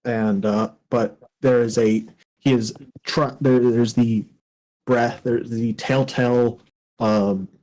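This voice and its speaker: A man describes his character for a tabletop game, pausing often with fillers as he lays out the details. His voice is mellow and dark in tone. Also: mid-range voice, steady tone, low-quality recording. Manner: halting, many fillers. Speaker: player.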